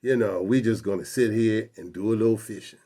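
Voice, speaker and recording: A man's voice: on the low side, a little fast, warm tone, natural voice. A man voicing an elderly grandfather who placates a police officer with nervous, repeated "yes, sir" replies. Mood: placating. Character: elderly Black grandfather, forcedly deferential to police.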